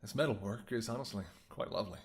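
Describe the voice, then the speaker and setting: A man voicing a flirtatious, predatory male vampire in a whispered role-play, speaking in a soft, teasing, seductive murmur. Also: fairly low pitch, fast, close to an everyday voice. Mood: playful. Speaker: voice actor.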